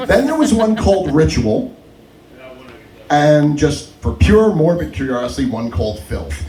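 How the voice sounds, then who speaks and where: A man's voice: on the high side, unhurried, pauses often, music in the background. A young adult man doing stand-up at an open mic, telling stories and laughing through them. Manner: animated, laughs through his own stories. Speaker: stand-up comedian. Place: comedy club stage. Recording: roomy club sound, mic at a distance.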